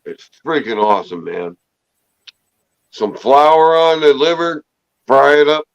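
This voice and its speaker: A man's voice: fairly high pitch, slow, gravelly, clear, resonant tone. A man in casual chat, easygoing and enthusiastic as he talks about food, heard on a dull lo-fi recording. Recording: dull lo-fi sound.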